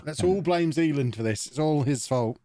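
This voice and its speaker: A man's voice: a little high, normal speed, mellow, dry recording. A man on a voice call during a group game, making dry, needling remarks at his friends. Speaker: player in an online group game. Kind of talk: casual banter on a voice call.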